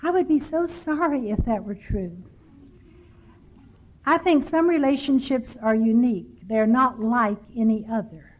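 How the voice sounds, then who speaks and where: A woman's voice: on the high side, a little slow. An older woman from Texas speaking at a recovery workshop, telling stories with dry, self-mocking humor. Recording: tinny lo-fi 1990s tape.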